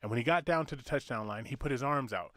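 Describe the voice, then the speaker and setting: A man's voice: medium pitch, fast talker, no room sound, studio quality. A drunk man with a Southern accent co-hosting a podcast, telling rambling, profane stories in casual banter. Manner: profane, rambling, animated storyteller. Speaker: podcast co-host.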